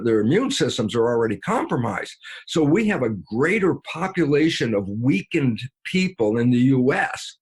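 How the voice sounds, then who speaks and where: A man with a husky, slightly breathy voice talks as an interview guest. He explains in an animated way, plays out both sides of imagined exchanges and lets small chuckles slip into his sentences, with plenty of filler sounds along the way. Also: medium pitch. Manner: animated, acts out dialogues with himself.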